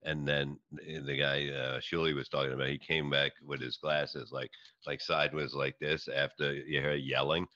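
Very deep-voiced middle-aged New man. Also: level tone, pushed and bright, no room sound, muffled recording. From New York. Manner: rambling, halting storyteller with many restarts. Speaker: comedian and podcast guest. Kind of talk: casual interview chat.

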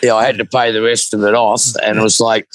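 A man's voice: on the low side, level tone, fast talker, no echo, low-quality recording. A man co-hosting a radio show, chatting casually with crude, self-mocking humour. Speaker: radio co-host.

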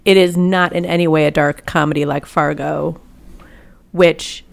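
Rich: A woman with a low voice full of vocal fry chats as a podcast co-host. She jumps in often with short, wry agreement and brief remarks of her own. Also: fairly even intonation, a little slow. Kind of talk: casual discussion.

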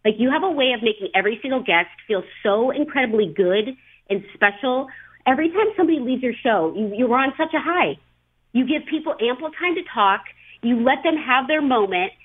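A woman's voice: fairly high pitch, animated, brisk, husky. A woman calling in as a guest, gushing with praise and tripping over her words. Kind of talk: casual chat. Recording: tinny phone line.

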